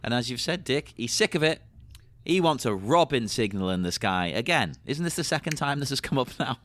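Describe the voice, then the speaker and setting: A man co-hosting a podcast in casual chat, animated and quick to laugh. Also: medium pitch, no echo. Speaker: podcast co-host.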